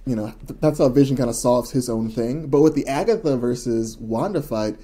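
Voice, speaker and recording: A man's voice: mid-range voice, fairly quick, mellow. A man co-hosting a podcast, talking in a loose, rambling, enthusiastic way with lots of fillers. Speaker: podcast co-host. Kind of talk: casual chat.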